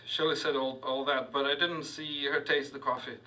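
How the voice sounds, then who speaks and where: A man reading his own fiction aloud to a live audience, halting on fillers and adding asides. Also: medium pitch, fairly even intonation, sharp tone, far from the mic, poor audio. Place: university reading hall with audience.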